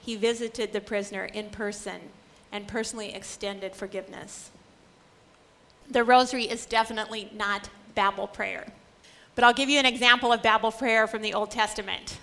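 A woman's voice: fairly high pitch, a bit bright. A woman Bible teacher giving a scripture lecture, retelling stories with dramatic, emphatic storytelling.

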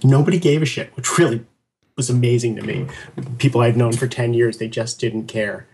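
Guesting on a podcast in a casual interview, a middle-aged man with a voice of ordinary pitch tells his story briskly and with animation. He chuckles frequently and imitates others as he quotes them, and the recording has a little hiss or hum.

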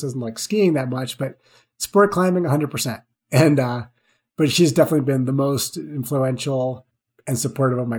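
A man, a guest on a climbing podcast, telling stories in a casual and animated way, laughing now and then. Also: mid-range voice. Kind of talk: casual storytelling.

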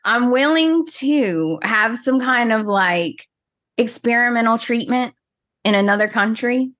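A woman's voice: fairly high pitch, animated, a little slow, a bit bright. A woman co-hosting a podcast, chatting casually and venting dramatically with playful energy. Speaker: podcast co-host. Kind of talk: casual chat.

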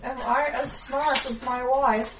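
A woman's voice: high-pitched, steady tone, takes it slowly. A woman playing a tabletop game, chatting in a playful way. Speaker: player. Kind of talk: casual tabletop chat. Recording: echoey room from far off, audible noise.

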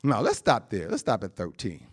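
A man pastor preaching a sermon, calling out to the congregation, laughing as he talks and surging high and loud, then dropping to a hushed prayer. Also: moderate pace. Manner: animated, surges high and loud, laughs through lines, calls out "Amen?" and "Huh?"; drops to a hushed, soft tone in prayer.

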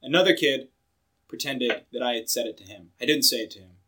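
Bright-voiced young man telling stories. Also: medium pitch, fairly quick. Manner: animated, acts out quoted voices, filler-heavy. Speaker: podcast co-host. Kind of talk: casual podcast storytelling.

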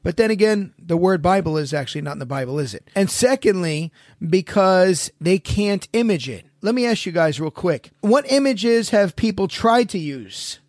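A man's voice: high-pitched, animated, moderate pace, few pauses, darkish tone, dry recording, clean studio sound. A man hosting a podcast, casually talking through theology and throwing rhetorical questions to his co-hosts. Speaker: podcast host.

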